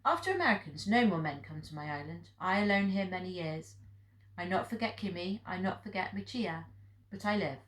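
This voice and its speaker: A woman's voice: lowish voice, fairly bright tone. A woman reading the part of an old Japanese hermit man who speaks in blunt, clipped broken English, recorded in an echoey room. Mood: intense.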